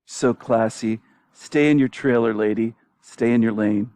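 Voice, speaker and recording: A man's voice: medium pitch, a little slow, a little mellow, dry recording. A man hosting a commentary stream, taunting others with profane insults. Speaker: stream host.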